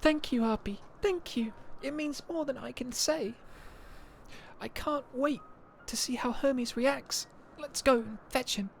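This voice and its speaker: A woman voicing a gentle, earnest young female being in a video game, speaking softly and pleadingly. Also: high-pitched, measured pace, vocal fry, slight background noise. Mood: grateful. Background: faint game music.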